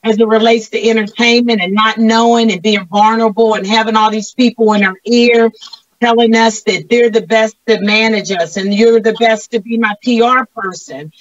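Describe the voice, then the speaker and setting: A woman hosting a show, asking interview questions in a measured, earnest way. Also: a little high, fairly even intonation, dry recording. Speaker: show host. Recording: distant, dull, dry lo-fi audio.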